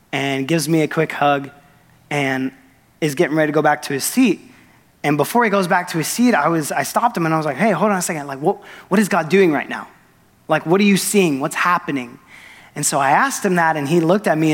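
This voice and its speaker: Man, young, pastor, earnest sermon storytelling, fairly high voice, long church-hall reverb. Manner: earnest, excited, animated retelling with quoted dialogue. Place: church sanctuary.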